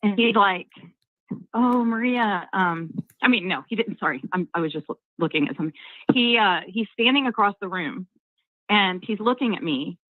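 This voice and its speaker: A woman's voice: lowish voice, expressive, a little fast, dry recording. A woman giving a personal account in a casual, hesitant way, with many fillers. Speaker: interviewee. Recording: tinny phone-line audio.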